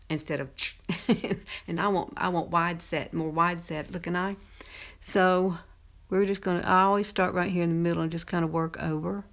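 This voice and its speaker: Southern woman in her fifties, slightly low and chatty, easy makeup-tutorial talk with frequent laughs. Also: a bit bright. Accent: Southern American. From Southern United States. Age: 50s. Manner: chatty, laughs often, talks while applying makeup. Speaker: makeup presenter.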